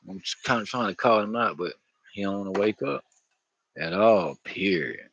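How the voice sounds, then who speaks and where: A man's voice: on the low side, normal speed, breathy edge, no echo, dull audio. A man talking to camera outdoors in a loose, rambling monologue, slangy and profane, often laughing. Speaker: vlogger.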